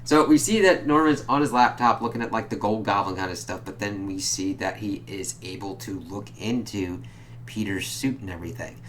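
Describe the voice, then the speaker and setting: A man casually recapping a comic book issue, loose and profane, jumping up in pitch whenever he quotes a character. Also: normal speed, a bit bright, slight background noise. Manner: loose and profane, jumps higher when quoting characters.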